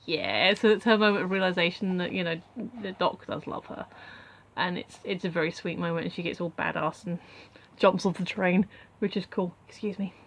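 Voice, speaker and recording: A woman's voice: fairly low pitch, moderate pace, creaky. A young woman casually recapping a film as a reviewer, rambling with many asides.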